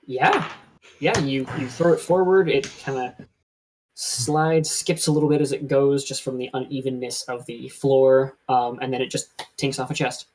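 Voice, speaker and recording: Husky man describing a scene. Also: medium pitch, steady tone, darkish tone, low-quality recording. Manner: describes the scene slowly and at length. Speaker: game master. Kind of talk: narrating a live-streamed tabletop game.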